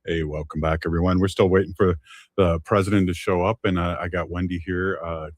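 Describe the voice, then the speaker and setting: A man hosting a radio talk show, speaking in a relaxed, hesitant way with frequent fillers. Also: deep voice, brisk, slight background noise. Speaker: radio host. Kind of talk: casual chat.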